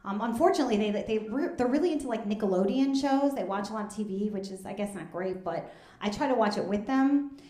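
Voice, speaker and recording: A woman, doing a deadpan, conversational stand-up comedy set on stage at a live fundraiser show. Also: mid-range voice, fast talker. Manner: deadpan, conversational, drops into asides. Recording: echoey room with loud audience noise.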